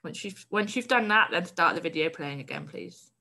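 A woman's voice: on the low side, expressive, moderate pace, creaky, bright, forceful tone. A woman primary school teacher giving a recorded online lesson, reading a story aloud and encouragingly explaining its word choices.

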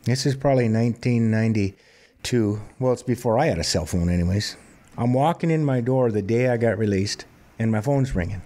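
A man in his fifties from Montana, a singer-songwriter telling plainspoken stories in a relaxed interview. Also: medium pitch, fairly quick. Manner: relaxed, plainspoken anecdotal storyteller. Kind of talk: conversational storytelling interview.

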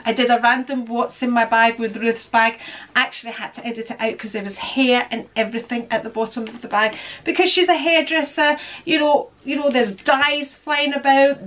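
A woman's voice: on the high side, a bit bright. A woman vlogger chatting casually through a product review, rambling and friendly.

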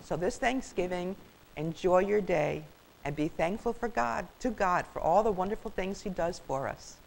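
Expressive older woman with gravelly voice. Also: on the low side, normal speed, rough recording. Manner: warm, expressive, grandmotherly. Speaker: children's storyteller. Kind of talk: reading a children's story aloud.

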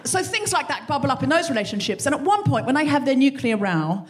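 A woman hosting a live comedy podcast, delivering a profane, animated stand-up monologue on stage. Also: sits high, fast. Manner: profane, animated, acts out scenes. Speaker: podcast host. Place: live show on stage before an audience.

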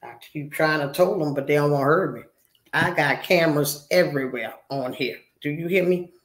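A woman's voice: low-pitched, moderate pace. A woman in her sixties chatting live with her viewers, brash, profane and teasing as she scolds them. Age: 60s. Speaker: livestreamer. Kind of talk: casual live-stream chat with viewers. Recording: roomy echo.

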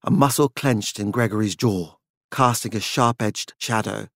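An audiobook narrator, a man with a lowish voice, reads a scripted short story in a measured, even storytelling style. The recording is clean studio sound with no room noise.

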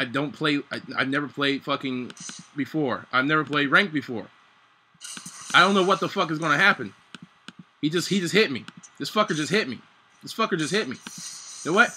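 A man giving live gameplay commentary, excitable and panicky, swearing constantly and shouting in sudden bursts. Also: a little high. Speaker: gaming channel host.

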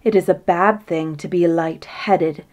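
A woman voicing a fretful, tearful queen who argues sharply, pitched high and sobbing, in a storybook reading. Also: fairly even intonation, unhurried, a little mellow, muffled recording, close to an everyday voice. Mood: quarrelsome.

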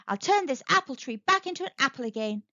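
A woman's voice: high-pitched, lively intonation, fast, bright, forceful tone, dry recording, pitched above the performer's own voice. A woman voicing a flustered, cheerful grown-up witch who worries easily, with exclamatory, fretful lines in a slightly muffled, dry recording.

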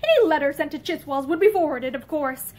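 A woman's voice: high voice, expressive, fairly quick, a little mellow. A curt, domineering husband, as a woman reads him. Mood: stern. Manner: clipped and commanding.

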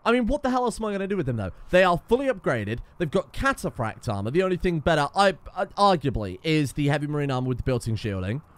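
Male let's-player, sarcastic, exasperated, frequent swearing, slightly high voice. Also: very animated, fast, hardly any pauses, dry recording. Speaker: gaming YouTuber. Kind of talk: let's play commentary.

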